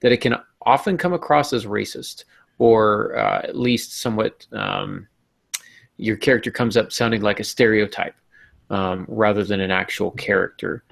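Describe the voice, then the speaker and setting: A man with a gravelly, creaky voice hosts a writing podcast in a casual, thinking-aloud way. He hesitates often, restarts his sentences and pokes fun at himself. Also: lowish voice, moderate pace, a bit bright. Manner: hesitant, many ums and restarts, self-deprecating. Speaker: podcast host. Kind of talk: casual discussion.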